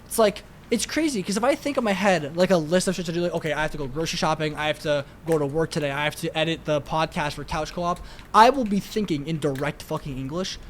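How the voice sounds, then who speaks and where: A man's voice: fairly high pitch, fast, fairly bright tone, a little hiss or hum. A young man with a New York accent, chatting casually as a podcast co-host, rambling and swearing with lots of filler words. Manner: rambling, profane, heavy use of "like".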